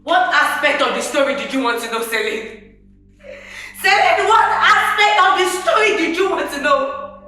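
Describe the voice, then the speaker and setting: A woman's voice: high voice, animated, moderate pace, sharp tone, soft background music. An actress playing an abandoned wife and mother, bitter toward her daughter and pleading with her departing husband in a film drama. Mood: resentful. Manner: emotional, pleading, then bitter. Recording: echoey room, voice from a distance.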